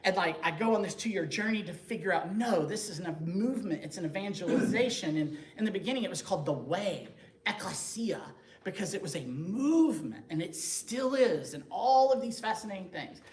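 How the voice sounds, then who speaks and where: A man telling his conversion story to a parish group in a lively, joking, conversational way. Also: high-pitched, brisk. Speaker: speaker giving a conversion testimony. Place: church meeting room. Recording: echoey room, faint background noise.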